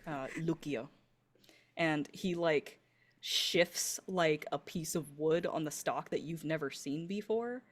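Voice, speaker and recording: A woman narrating as game master of a tabletop game, relaxed and rambling, with many fillers. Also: deep voice, takes it slowly.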